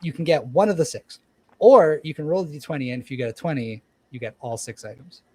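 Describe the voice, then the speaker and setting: A man's voice: on the high side, lively intonation, brisk, mellow. A man narrating as game master for a tabletop game, rambling with frequent ums and restarts.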